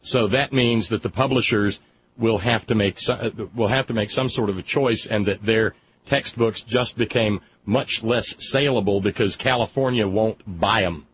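A man's voice: lowish voice, moderate pace, a little hiss or hum. Southern guy radio host, rambly and wry, lots of uh and restarts, kinda muffled broadcast sound. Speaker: radio talk show host. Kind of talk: casual call-in chat.

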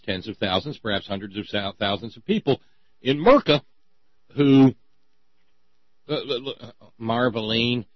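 A male talk radio host who rambles and stammers through restarts, dripping with sarcasm. His pitch leaps up and drops off in a lively way. The sound is dry and a little muffled. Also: no echo.

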